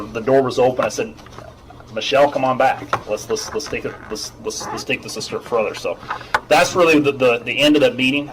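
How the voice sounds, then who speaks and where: A middle-aged man, an HR manager, giving formal testimony at a hearing in a measured, explanatory way, often repeating himself. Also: mid-range voice, noisy background.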